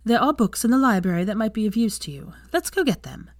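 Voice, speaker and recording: A woman voicing a poised, middle-aged aristocratic mother who speaks with measured, gracious courtesy. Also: a little high, sing-song, dry recording, studio quality, pitched above the performer's own voice.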